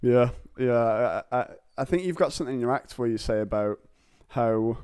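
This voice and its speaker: A man's voice: medium pitch, a little mellow, clean tone, dry recording, clean studio sound. A man with a Northern English accent hosting a casual podcast chat, joking and restarting his words often. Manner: jokey, quick restarts and repeated words. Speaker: podcast host.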